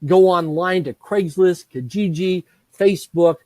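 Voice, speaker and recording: Energetic man with a mellow, dry voice. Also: sits high, a little slow, dry recording. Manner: energetic, repetitive lists, acts out dialogue. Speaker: guest speaker, business trainer. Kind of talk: animated interview storytelling.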